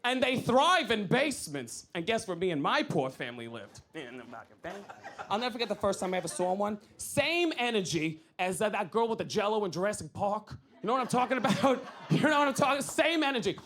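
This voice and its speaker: Stand-up comic, New York accent, bright tense tone, big shouty delivery. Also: male voice, high voice, fairly quick. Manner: animated, loud storytelling with shouted outbursts. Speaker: stand-up comedian. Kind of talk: stand-up comedy set. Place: comedy club stage. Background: audience laughter.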